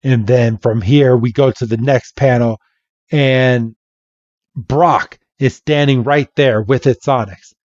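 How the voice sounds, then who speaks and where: A man hosting a podcast, giving a playful, animated comic recap narration. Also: mid-range voice, slow pace, dry recording, muffled recording. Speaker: podcast host.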